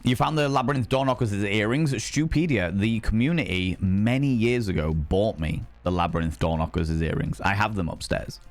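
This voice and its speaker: A male streamer with a Yorkshire accent chats loosely with his audience, swearing freely and laughing often. His voice sits on the low side for a man. Faint music plays underneath. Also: normal speed, few pauses. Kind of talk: casual live-stream chat.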